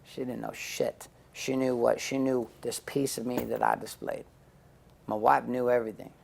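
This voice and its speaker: A man's voice: mid-range voice, little pitch movement, moderate pace, creaky, a little mellow, slight background noise. A middle-aged man giving an intense, candid interview, blunt and profane, acting out the people he quotes as he tells stories. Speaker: interview guest.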